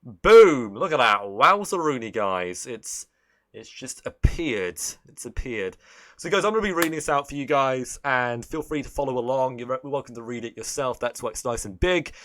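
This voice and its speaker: Male streamer, mid-pitched, loose and profane, rambles between jokes. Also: lively intonation, normal speed, a bit bright. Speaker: live-stream host. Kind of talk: casual live-stream commentary.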